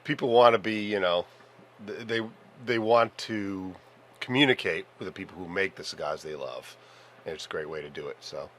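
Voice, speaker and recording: A man's voice: low-pitched, moderate pace, a bit bright, slight background noise. A man co-hosting a podcast, chatting casually in an easygoing way with many fillers. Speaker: podcast co-host. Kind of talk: casual chat.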